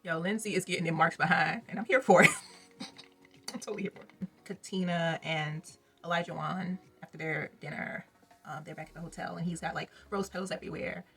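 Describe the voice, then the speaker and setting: A young woman talks through a reality show episode in a loose, chatty vlog. Her voice sits low and comes out very husky and breathy, and she laughs often and tosses slangy asides to her viewers. Faint music plays behind her. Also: fairly even intonation, brisk, a bit bright. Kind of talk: casual commentary vlog.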